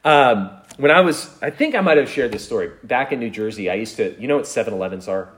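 A man's voice: mid-range voice, lively intonation, fast. A man preaching a sermon in a conversational, storytelling way, chuckling now and then. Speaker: pastor.

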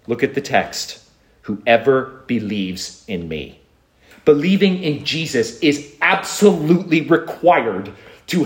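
A man preaching a sermon, earnest, with rhetorical questions and repeated refrains. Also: fairly high pitch. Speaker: pastor. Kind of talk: expository sermon.

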